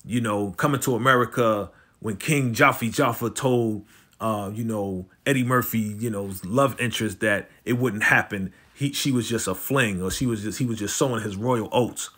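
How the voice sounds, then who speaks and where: A man casually recapping a TV episode, animated and slangy, jumping into the characters' lines as he retells scenes. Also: fairly low pitch, normal speed, breathy edge. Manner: slangy, conversational, lots of "you know" and "right?". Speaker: TV recap host.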